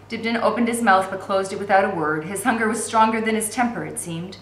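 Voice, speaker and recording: A woman teacher reading a novel aloud in a steady, expressive way. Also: mid-range voice, fairly quick, hardly any pauses, roomy sound, low-quality recording. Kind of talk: read-aloud narration.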